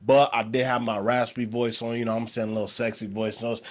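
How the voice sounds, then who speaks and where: A man's voice: mid-range voice, little pitch movement, brisk. A man hosting his own podcast in a casual, rambling way, with many fillers and restarts. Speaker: podcast host.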